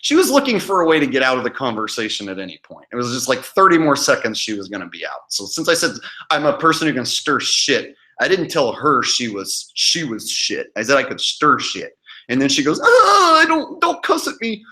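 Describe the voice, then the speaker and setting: A man's voice: mid-range voice, big pitch swings, fairly quick, sharp tone. A man hosting his own livestream, talking casually in a profane, defiant way and mocking his critics. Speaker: channel host.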